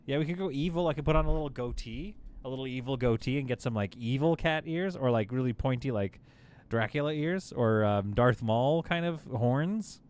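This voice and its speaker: This livestream gamer host has a mid-range, clean, slightly mellow voice and speaks animatedly at a moderate pace. Chatty and quick to laugh, he reads his viewers' chat messages out loud.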